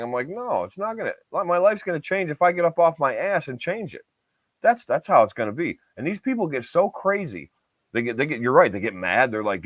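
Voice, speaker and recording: A man's voice: medium pitch, expressive, brisk, dry recording, highs cut off. A man co-hosting a podcast, ranting heatedly and swearing a lot in casual chat. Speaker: podcast co-host.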